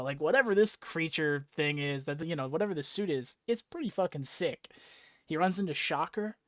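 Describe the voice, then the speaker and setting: A man's voice: on the high side, a little fast, fairly bright tone, dry recording, studio quality. A young man hosting a casual podcast chat, rambling with lots of fillers and swearing freely as he recaps a story. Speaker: podcast host.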